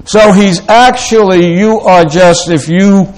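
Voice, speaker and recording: A man preaching a sermon in a halting way, with many fillers and restarts, slowing down to read scripture aloud. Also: high-pitched, low-quality recording.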